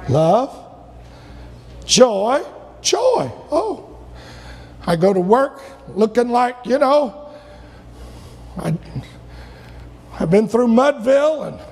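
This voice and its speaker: A male pastor delivering a sermon in a high, rough, gravelly voice. He climbs to shouted peaks and then falls suddenly quiet. The sound carries a long church-hall reverb. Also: very animated, takes it slowly, pauses often. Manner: preaching with loud shouted peaks and sudden drops.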